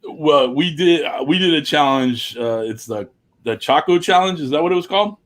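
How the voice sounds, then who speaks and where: A man's voice: on the high side, expressive, normal speed. Man, host, casual live-stream chat, laid-back, cussing, joking about himself. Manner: laid-back, swears casually, self-deprecating.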